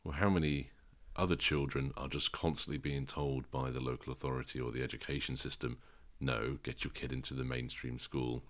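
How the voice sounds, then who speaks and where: A man co-hosting a casual podcast, speaking in a measured, reflective way with frequent pauses and ums. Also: very deep voice, flat delivery, a bit bright. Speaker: podcast co-host.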